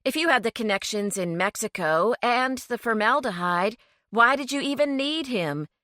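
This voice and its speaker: A woman's voice: fairly high pitch, animated, moderate pace, sharp tone, no room sound. Woman reading as a taunting captive woman. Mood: defiant. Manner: taunting, probing. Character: bold woman held captive, taunting her captor.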